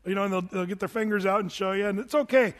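A middle-aged male pastor giving a chatty, animated sermon full of stories and restarts. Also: high-pitched, fast talker. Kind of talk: sermon with storytelling.

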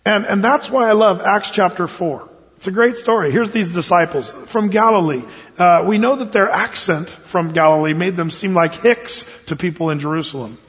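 A man's voice: sits high, normal speed, a bit bright, slightly rough. A man preaching a sermon as a pastor, in a folksy, self-deprecating, conversational way. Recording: dull lo-fi, long hall reverb.

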